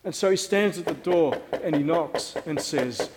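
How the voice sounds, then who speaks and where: Wry preacher in a reverberant church. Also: male voice, a little high, unhurried, few pauses, background noise. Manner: conversational, wry, asks the congregation questions. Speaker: pastor. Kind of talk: sermon. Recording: long reverb of a church hall.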